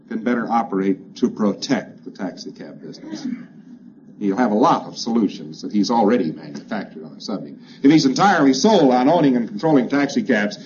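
A man giving a plainspoken, emphatic lecture to a congress, repeating phrases that trail off quieter each time. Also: mid-range voice. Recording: dull, hissy old lecture recording.

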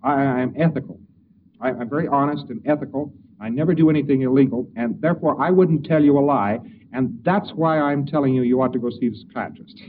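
A man's voice: a little fast, far from the mic, background noise, close to an everyday voice. A man putting on the voice of a timid, fearful man who needles others defensively, heard on an old tinny tape. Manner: whiny, defensive, pitched up.

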